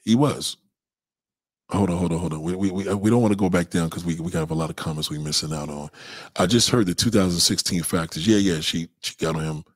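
A man's voice: deep voice, fairly quick, breathy edge, dry recording. A man hosting a livestream, reading chat and ranting in a profane, heated, emphatic way. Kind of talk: casual livestream rant.

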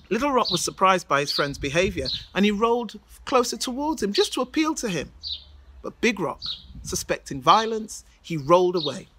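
A woman's voice: mid-range voice, big pitch swings, normal speed, background noise. A woman storyteller telling a folk tale with rhythmic repetition and dramatic build-ups.

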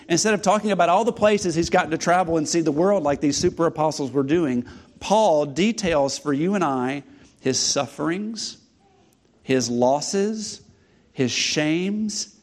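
A man preaching a sermon, teaching from scripture with emphatic repetition and rhetorical questions. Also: on the high side. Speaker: pastor.

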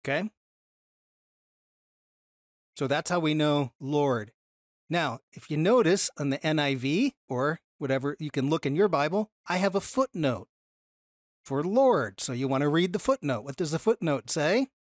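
A Bible study teacher lectures a class in a mid-range voice, unhurried and with long pauses. The explanation is full of restarts and self-corrections, with lively intonation that pushes key words up in pitch, recorded dry and close without room sound.

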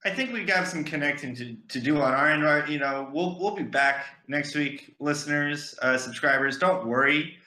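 A man's voice: a little high, normal speed, hardly any pauses, sharp tone. A man co-hosting a comedy podcast, speaking earnestly in a loose, rambling way with many fillers. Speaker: podcast co-host. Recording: echoey room sound.

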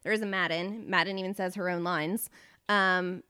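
A woman's voice: fairly low pitch, steady tone, normal speed, pushed and bright, clean tone. A woman co-hosting a casual podcast chat, speaking in a direct, wry way as she corrects her partner. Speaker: co-host and voice actor.

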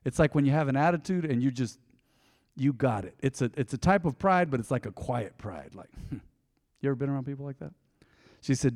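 A man in his forties preaching a sermon to his congregation, folksy and direct, swinging between loud emphasis and quiet intensity. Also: mid-range voice, expressive, a little fast. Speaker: pastor. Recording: long hall reverb.

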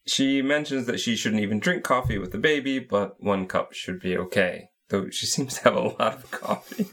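A man's voice: lowish voice, a bit bright. A man co-hosting a casual podcast, methodically recapping the scenes of a game. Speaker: podcast co-host.

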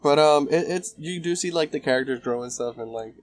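A man's voice: fairly high pitch, brisk. A man co-hosting a casual podcast with sarcastic, crude quips. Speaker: podcast co-host.

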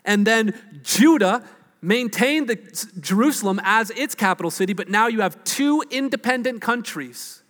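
High-voiced animated male preacher. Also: normal speed, long reverb tail. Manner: animated storytelling preacher, acts out quotes. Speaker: pastor. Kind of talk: sermon.

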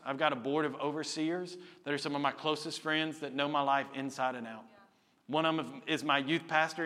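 Forceful preaching man in a reverberant church. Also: a little high. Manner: impassioned preaching that swings from loud exhortation to quiet, intimate asides. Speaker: pastor. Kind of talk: sermon. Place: church sanctuary. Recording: long reverb of a church hall.

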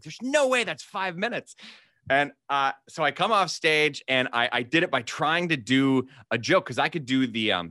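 A man in his thirties spins an anecdote as a podcast host, slipping into the voices of the people he quotes. His tone is bright and forward. The sound is close and dry, with no room around it. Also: medium pitch, dry recording. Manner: animated anecdote teller, acts out quoted voices. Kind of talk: casual storytelling chat.

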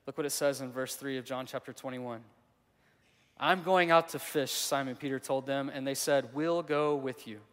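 A man preaching a sermon, telling a story and acting out the quotes, swinging from loud to hushed. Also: mid-range voice, steady tone, normal speed, in a large hall. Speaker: pastor.

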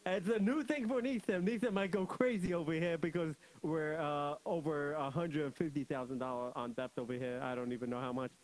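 A young man hosting a children's radio show, joking, laughing often and telling stories in an animated way. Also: on the high side, fairly quick, few pauses, poor audio. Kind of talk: playful storytelling for kids.

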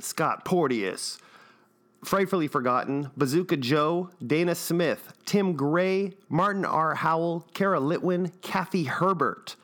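A man hosting a podcast, rambling through plugs and shout-outs with jokes and plenty of fillers. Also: on the high side. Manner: rambling, jokey, many fillers. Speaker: podcast host. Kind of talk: casual podcast intro.

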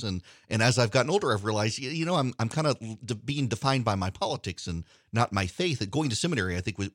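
A man's voice: lowish voice, no echo, clean studio sound. A middle-aged man hosting a radio talk show, speaking earnestly and reflectively with frequent restarts. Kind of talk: casual radio interview chat.

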